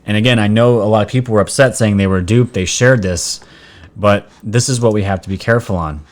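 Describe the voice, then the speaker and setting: A low-pitched man runs his own casual commentary vlog. He talks straight to his viewers in a chatty, excitable way, full of quick asides. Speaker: vlog host.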